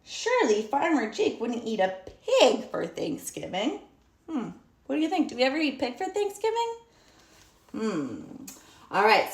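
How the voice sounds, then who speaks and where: A woman's voice: fairly high pitch, roomy sound, far from the mic. A woman teaching a storytime yoga lesson to children, encouraging them, asking them questions and praising them.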